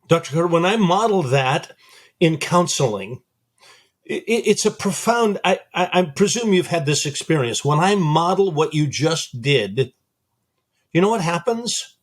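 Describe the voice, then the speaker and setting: A man's voice: a little high, animated, a little slow. A man hosting a psychology podcast, telling a counseling story animatedly, repeating phrases for emphasis. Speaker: psychologist host. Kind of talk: conversational podcast interview.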